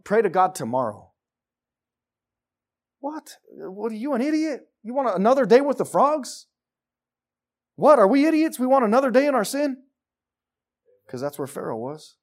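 A pastor preaching a sermon, moving from quiet, rambling talk with restarts to loud, urgent exhortation. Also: male voice, fairly high pitch. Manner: conversational, with repetitions and restarts.

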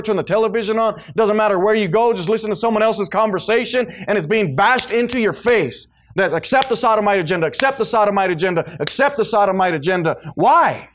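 A man preaching a fiery sermon to a congregation, swinging between loud emphasis and hushed, low-pitched lines. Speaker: pastor.

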